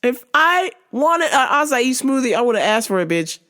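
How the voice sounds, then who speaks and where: A woman's voice: high-pitched, very animated, normal speed, sharp tone. A woman hosting her show, telling a comic story in casual chat, profane and laughing often. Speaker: show host.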